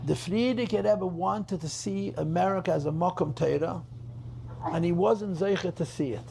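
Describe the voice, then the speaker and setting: A man's voice: high voice, moderate pace, gravelly, a little mellow, slight background noise. A rabbi telling a story at a gathering, emphatic, repeating his phrases and mixing in Yiddish terms. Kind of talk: farbrengen storytelling talk.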